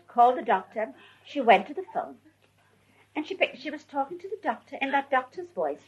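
A woman recounting her memories to an audience in an animated way, often laughing as she tells. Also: high-pitched, poor audio. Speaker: storyteller.

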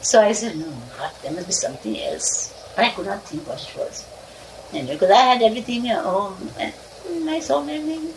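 A woman's voice: mid-range voice, sing-song, a little fast. A woman telling a personal story from her childhood in a casual, meandering way, often laughing between lines. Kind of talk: casual spoken reminiscence. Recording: distant mic with clear background noise.

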